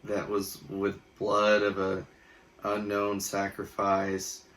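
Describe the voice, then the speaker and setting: A man's voice: lowish voice, completely flat delivery, slow, fairly bright tone. A young man co-hosting a movie review podcast, talking casually with a laid-back, sarcastic manner. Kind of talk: casual chat.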